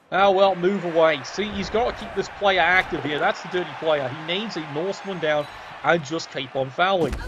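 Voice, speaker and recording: High-voiced sardonic male commentator. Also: noisy background. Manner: sardonic, swears casually, talks to the players. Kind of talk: game commentary.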